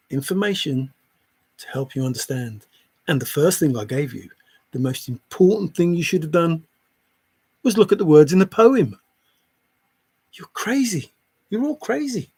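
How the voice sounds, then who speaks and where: A man with a husky, slightly breathy voice pitched a bit above the usual for men. He lectures his audience in a monologue, taunting them and circling back to the same questions again and again. The delivery is intense and insistent. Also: darkish tone. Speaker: treasure hunt theorist.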